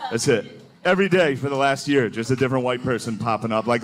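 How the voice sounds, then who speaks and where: A male stand-up comedian telling crude jokes in a deadpan way, often slipping into quick impressions. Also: medium pitch.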